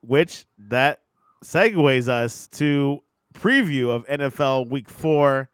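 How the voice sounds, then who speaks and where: A man hosting a casual sports chat, steering it with quick questions. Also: medium pitch, expressive, clear, resonant tone, no room sound. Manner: leads topics with quick questions. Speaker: podcast host.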